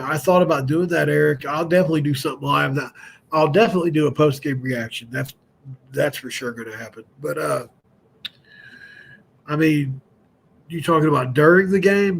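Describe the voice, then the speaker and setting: A man's voice: mid-range voice, vocal fry, a little hiss or hum. A middle-aged man hosting a live stream, rambling in a candid, self-deprecating way. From West Virginia. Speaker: host of a fan show.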